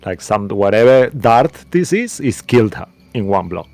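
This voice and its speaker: A man's voice: lowish voice, big pitch swings, normal speed, darkish tone. A man narrating a tabletop game as game master, rambling with many fillers.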